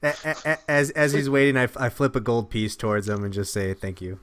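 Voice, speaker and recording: A man's voice: medium pitch, quick pace, fairly bright tone, clear, resonant tone. A man playing in a tabletop game, who stammers and laughs as he talks. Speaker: player. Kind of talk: casual tabletop play.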